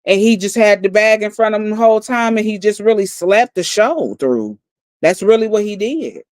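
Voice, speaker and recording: Brief: blunt livestreamer retelling a night out, mid-pitched, dry close sound. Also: lively intonation, moderate pace, a little mellow, no echo. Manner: blunt and profane, repeating lines for emphasis. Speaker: livestream host. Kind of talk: heated storytelling recap.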